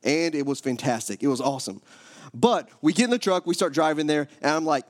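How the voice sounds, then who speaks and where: A man's voice: fairly high pitch, brisk. A man in his thirties preaching, praying and then telling a joking personal story with many restarts. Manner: joking, self-interrupting storyteller. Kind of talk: sermon with prayer and personal story.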